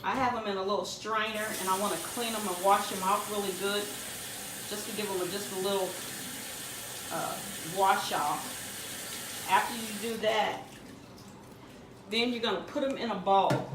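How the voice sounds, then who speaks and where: A woman's voice: mid-range voice, steady tone, normal speed, pauses often. A woman talking through a recipe step by step in a casual cooking tutorial, filmed in a home kitchen. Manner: homey step-by-step instructions. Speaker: home cook demonstrating a recipe. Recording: echoey kitchen from a distant mic with background noise.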